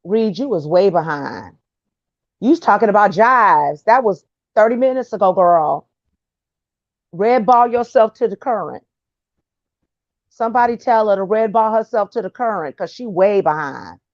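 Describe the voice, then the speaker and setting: A woman's voice: medium pitch, lively intonation, moderate pace, no echo, dull audio. A woman giving blunt, sassy, trash-talking gossip commentary on a livestream.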